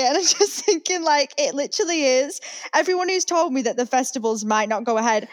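Young woman from the UK, giggly gossipy chat, fairly high voice, podcast co-host. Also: expressive, fairly quick. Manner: chatty, giggly, gossipy storytelling. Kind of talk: casual chat.

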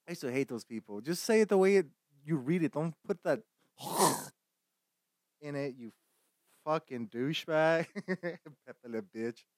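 A young man chatting casually on his stream, loud and foul-mouthed, breaking into laughter again and again. His voice sits high for a man, and the sound is dry and close. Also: dry recording. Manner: loud, swearing, laughing often, mocking voices. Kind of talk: profane casual chat.

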